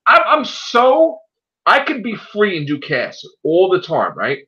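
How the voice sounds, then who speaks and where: High pitched guy ranting and swearing on his show, sharp bright voice, kinda muffled lo-fi audio. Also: a little slow. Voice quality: loud, profane, animated. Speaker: host of an online show. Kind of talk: casual ranting chat. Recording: dull lo-fi sound.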